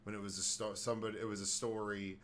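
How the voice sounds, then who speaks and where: A man's voice: lowish voice, flat delivery, fast talker, a bit bright, slight background noise. A man co-hosting a casual podcast, blunt and sarcastic, swearing freely. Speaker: podcast co-host.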